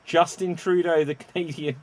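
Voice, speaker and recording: A man hosting an online improv comedy show, animated and given to loud exclamations. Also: on the high side, moderate pace. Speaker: improv game host.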